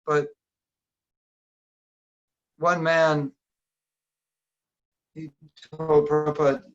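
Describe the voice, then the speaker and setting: A man's voice: mid-range voice, moderate pace, vocal fry. A man giving a casual workshop talk over a video call, asking his listeners questions as he goes. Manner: conversational, asks the audience questions. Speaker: workshop teacher. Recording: dull lo-fi online audio.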